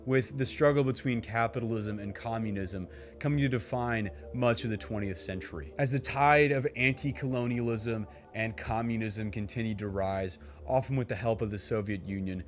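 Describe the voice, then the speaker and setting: A man's voice: lowish voice, moderate pace, hardly any pauses, faint music behind. A man giving scripted narration for a history video essay, with a dry, sardonic humor.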